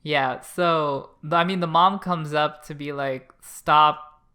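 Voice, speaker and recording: A chatty co-host reviewing an anime episode, loose and animated, with plenty of "like" and "um". The voice is bright and forward, with swearing mixed into fast asides. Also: medium pitch. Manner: chatty, animated, many fillers and acted asides. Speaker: podcast co-host. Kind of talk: casual anime review chat.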